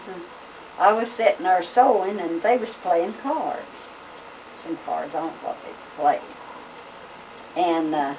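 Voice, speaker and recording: An older woman spins folksy family tales. She rambles, full of uhs and you-knows, in a lowish voice. The voice comes from a camcorder across the room, with a faint hiss behind it. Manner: folksy, rambling, with many fillers. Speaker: family storyteller. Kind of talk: casual storytelling. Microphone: camcorder microphone. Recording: home video camera from a distance, faint hiss.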